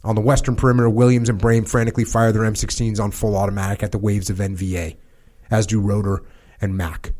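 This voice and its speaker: A man hosting a podcast, reading a wartime account aloud in a measured, grave way, with small slips and restarts. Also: lowish voice, little pitch movement, darkish tone. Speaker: podcast host.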